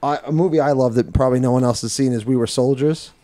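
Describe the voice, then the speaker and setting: A man co-hosting a casual podcast, acting out movie lines in lively bursts. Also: mid-range voice, fast. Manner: animated, acts out movie quotes in bursts. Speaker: podcast co-host. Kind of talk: casual chat.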